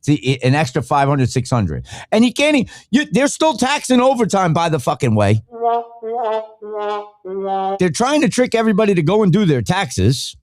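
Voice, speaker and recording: Brief: man, podcast host, fired-up profane rant, lively swinging pitch, dry close mic. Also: moderate pace, no room sound, faint music behind. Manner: heated, profane, animated. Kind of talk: ranting solo podcast talk.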